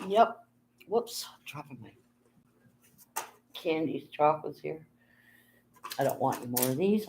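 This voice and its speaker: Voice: mid-range voice, slight background noise. A live streamer in casual chat, rambling and reading viewer comments aloud, talking from bed into a phone held in hand. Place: at home, lying in bed.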